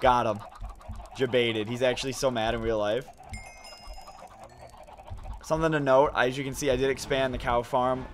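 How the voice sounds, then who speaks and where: A young man giving casual, excitable let's-play commentary to his viewers as he plays. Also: mid-range voice, moderate pace, pauses often, a little hiss or hum. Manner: chatty, excitable, talks to viewers as "you guys". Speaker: gaming YouTuber.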